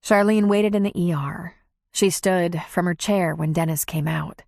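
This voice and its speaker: A woman narrating an audiobook in an expressive, measured reading. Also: fairly low pitch, creaky, no echo, studio quality. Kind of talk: scripted narration.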